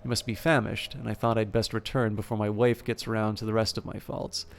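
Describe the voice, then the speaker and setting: A man's voice: fairly low pitch, little pitch movement, fairly quick, gravelly. A man voicing a proud, hot-tempered male elf warrior who swears oaths and speaks sardonically. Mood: teasing.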